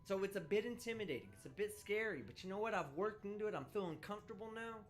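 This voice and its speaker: A man's voice: high-pitched, fast, faint music behind. Brash, foul-mouthed man ranting. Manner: brash, vulgar, animated ranting. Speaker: livestream host. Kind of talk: casual profane live-stream rant. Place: indoors, traveling.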